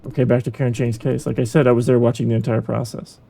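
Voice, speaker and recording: A man voicing a calm, encouraging male supervisor in a game, speaking in a measured way. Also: mid-range voice, vocal fry. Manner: measured, reassuring. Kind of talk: reading a game's dialogue aloud.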